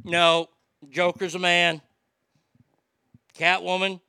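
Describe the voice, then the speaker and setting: Profane high-voiced ranting man. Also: normal speed, gravelly, sharp tone, clear, resonant tone, dry recording, clean studio sound. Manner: swearing, exasperated ranting. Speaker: podcast host reading listener comments. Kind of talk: casual profane movie rant.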